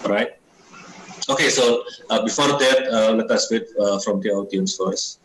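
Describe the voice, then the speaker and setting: A man's voice: on the low side, moderate pace, fairly bright tone. A man moderating a webinar, loose and full of fillers as he invites questions. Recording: echoey room with faint hiss.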